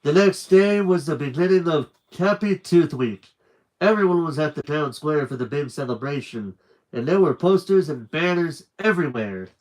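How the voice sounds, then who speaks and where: A man reading a children's book aloud on a live stream with lively, animated narration and chatty asides. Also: on the high side, normal speed, poor audio.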